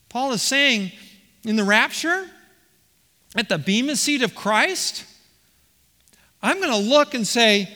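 A man's voice: sits high, lively intonation, unhurried, sharp tone. A man preaching a verse-by-verse sermon as the pastor, reading passages aloud and often restarting his phrases. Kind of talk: expository sermon. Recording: reverberant hall.

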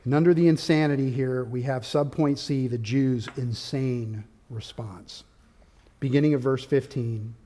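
A man preaching an expository sermon, walking through his outline point by point and rising to forceful, loud peaks of emphasis. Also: mid-range voice, a little slow. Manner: outlined teaching with subpoints. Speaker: pastor.

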